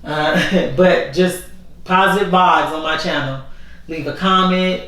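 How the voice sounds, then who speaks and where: A woman's voice: on the low side, fairly even intonation, takes it slowly, a bit bright. A woman vlogger talking casually and candidly, rambling and repeating herself as she speaks from the heart. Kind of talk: casual heartfelt vlog talk. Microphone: voice only, camera not working. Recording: very echoey room, far from the mic.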